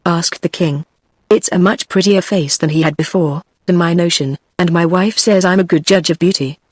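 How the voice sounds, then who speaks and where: A woman's voice: on the low side, moderate pace, slightly rough, no room sound, studio quality. A text-to-speech woman's voice with a British English accent reading the lines of a vain, pompous male fox king in a storybook. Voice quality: even synthetic read-out.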